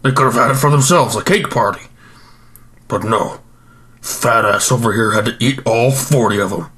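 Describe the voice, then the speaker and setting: A man's voice: mid-range voice, moderate pace, a bit bright, natural voice. A man doing a groaning, bloated Lex Luthor. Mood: groaning regret. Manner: groaning, rambling, self-pitying. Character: overstuffed self-pitying male supervillain, groaning, immobile. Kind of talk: improvised comedy monologue.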